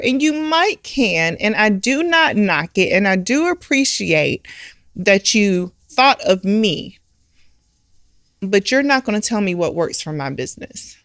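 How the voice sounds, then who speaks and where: A woman's voice: mid-range voice, very animated, measured pace, a bit bright, no room sound, clean studio sound. A middle-aged woman, a bar owner, speaking candidly and emphatically in an interview, often using rhetorical questions. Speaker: guest, restaurant and bar owner.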